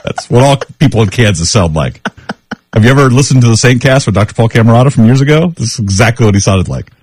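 A man's voice: medium pitch, animated, fast, a little mellow, slightly rough, no room sound. A middle-aged man co-hosting a podcast in casual conversation, rambling and often restarting his sentences. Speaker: podcast co-host.

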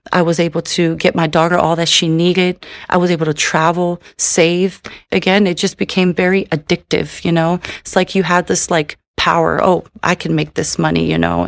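A woman's voice: lowish voice, gravelly, no room sound, clean studio sound. A woman giving a personal faith testimony, speaking in a candid, earnest way and often adding "you know".

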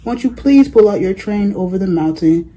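A reader voicing a chorus of toys and dolls pleading for help in a storybook, in a raised, husky voice. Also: mid-range voice, lively intonation, normal speed, warm tone, close to an everyday voice, poor audio. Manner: pleading, begging.

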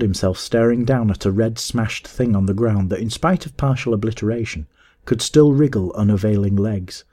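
A man narrating a classic adventure story in a measured, steady audiobook reading. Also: fairly low pitch.

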